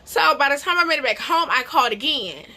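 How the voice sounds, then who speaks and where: A woman's voice: high-pitched, animated, fast talker, bright, forceful tone. A young adult woman telling a storytime to camera, emphatic and slangy, repeating phrases and calling people bro. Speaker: vlogger. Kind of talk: animated storytime.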